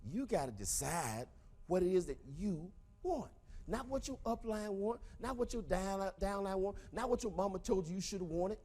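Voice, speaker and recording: A middle-aged man with a Southern US accent giving an animated motivational seminar talk to a live audience, repeating his key points in a preachy way. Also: high-pitched, moderate pace. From American South. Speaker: motivational speaker.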